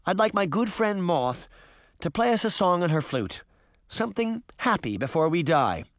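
A man voicing a quick-thinking, determined young girl in an audiobook, urgent and earnest. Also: sits high, sing-song, no room sound, clean studio sound, pitched above the performer's own voice. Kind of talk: audiobook character voice.

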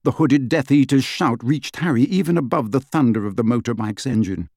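A man narrating an audiobook with dramatic, lively storytelling of an action scene. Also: mid-range voice, a little fast, dry recording, studio quality.

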